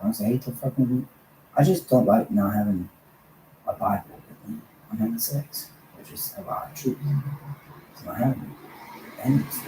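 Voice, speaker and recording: Rambling man, swears freely, lurches from mutters to shouts; set back from the mic in a roomy hotel room with faint hiss. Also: lowish voice, recorded from a distance. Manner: erratic, profane, swinging from mumbling to yelling. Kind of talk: rambling monologue.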